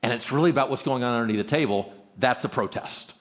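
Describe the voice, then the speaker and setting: A man of ordinary pitch gives a live talk to an audience. He sounds earnest and conversational and often restarts his sentences as he explains his point. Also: quick pace. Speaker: marriage conference speaker.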